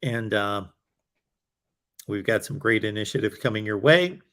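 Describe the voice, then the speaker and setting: A man's voice: lowish voice, lively intonation, unhurried, a bit bright. A man hosting a college football livestream, talking in a rambling, chatty way, tired with his voice wearing out. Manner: rambling, chatty, with fillers and self-asides. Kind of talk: casual livestream chat.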